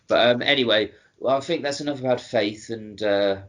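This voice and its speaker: A man co-hosting a podcast in casual chat, relaxed and a little hesitant, with frequent fillers. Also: medium pitch, moderate pace. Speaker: podcast co-host.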